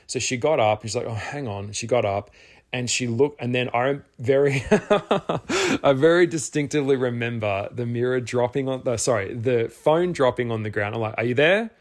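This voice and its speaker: Man telling a story, lively and expressive. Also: mid-range voice, moderate pace. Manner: animated, swears, acts out his own past shouts. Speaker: spiritual vlogger. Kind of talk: casual storytelling.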